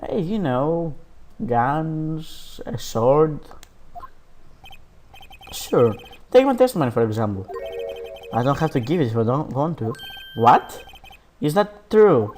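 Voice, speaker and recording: A man playing a loud, smug police chief, full of himself and teasing, his voice swinging up and down. Game music plays steadily underneath. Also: a little high, sing-song, slow pace, pauses often. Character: boisterous older male police chief, smug. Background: background game music.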